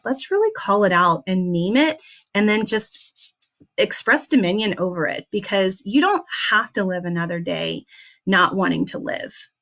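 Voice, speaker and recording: A young woman speaks earnestly as she leads a small class. Her pitch sits in an ordinary middle range, and her delivery is gentle and heartfelt. She often pauses with soft "um"s. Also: gravelly. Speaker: essential oils class leader. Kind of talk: heartfelt motivational class talk.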